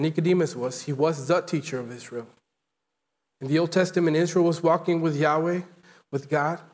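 A man delivers a sermon with an earnest, emphatic drive, building his points through repeated phrases. His voice sits somewhat higher than most men's. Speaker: pastor.

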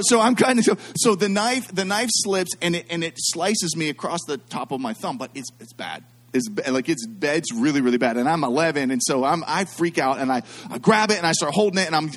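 A man's voice: a little high, fairly quick. A middle-aged man preaching to a congregation, telling a story full of asides and jokes aimed at the crowd. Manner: animated, self-deprecating, jokes with the audience. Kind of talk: storytelling sermon.

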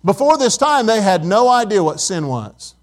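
Pastor, middle-aged man with a high voice, conversational preaching that questions the congregation. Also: sing-song, normal speed. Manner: conversational, asks the congregation questions, tells stories. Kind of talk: sermon.

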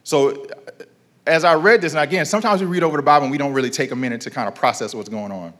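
A man in his thirties delivering a sermon in a relaxed, conversational way. He leans on rhetorical questions and repeats his key lines. He draws call-and-response from the congregation. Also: fairly high pitch, fast. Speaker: pastor.

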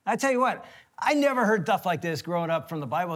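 Animated middle-aged man telling stories. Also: high voice, quick pace. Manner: animated, jokey storyteller. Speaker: co-host, former team chaplain. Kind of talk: storytelling marriage talk.

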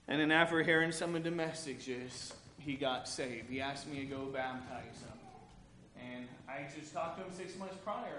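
A man's voice: a little high, a bit bright, a little hiss or hum. A man preaching a sermon, earnest and candid, mixing scripture with personal family stories. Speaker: pastor. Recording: echoey room with faint ambience.

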